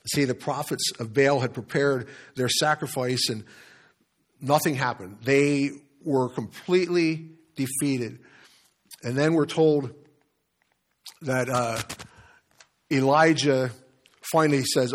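A male pastor delivers a sermon as an animated story. He talks at a middling pitch, sometimes repeats his words and lets small chuckles slip in. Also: normal speed.

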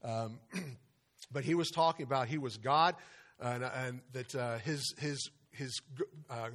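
A man's voice: mid-range voice, a bit bright. A man preaching a sermon to his church, over a microphone, stressing single words hard and then dropping his voice, with frequent restarts. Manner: preaching with emphatic stresses and pauses, many restarts. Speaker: pastor. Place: church sanctuary. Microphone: microphone over a speaker system.

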